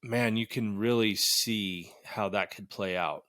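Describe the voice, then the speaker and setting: A man with a low-pitched voice talks in a casual podcast conversation, animated and emphatic, with casual swearing. The sound is dry and close, with no room echo. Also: measured pace. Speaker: podcast host.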